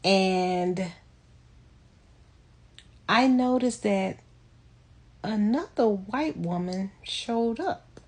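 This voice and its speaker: Slow, husky woman telling a story. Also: mid-range voice. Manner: reflective, animated when quoting others. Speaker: vlogger telling a personal story. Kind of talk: casual storytelling.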